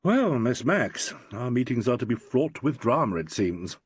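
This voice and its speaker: A composed, dryly humorous detective speaks low and evenly, reassuring without fuss, as a male narrator takes his part. The voice is husky and close in a dry room. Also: measured pace, dry recording. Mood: matter-of-fact. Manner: matter-of-fact, steady, lower.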